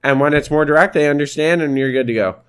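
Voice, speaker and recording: A man's voice: on the high side, fast talker, smooth. A young man co-hosting a podcast, laid-back and agreeable in casual chat. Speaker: podcast co-host.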